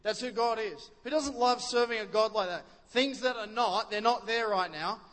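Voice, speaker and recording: A man's voice: high voice, normal speed, fairly bright tone, long reverb tail. A man preaching a sermon in a chatty way, often stopping to ask the congregation questions. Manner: conversational, quizzes the congregation, many restarts. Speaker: pastor.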